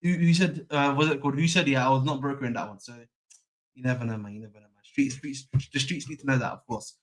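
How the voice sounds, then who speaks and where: A young man hosts a football fan live stream, chatting casually with slang and a lot of repetition. His voice is mid-range and fast, with fairly even intonation.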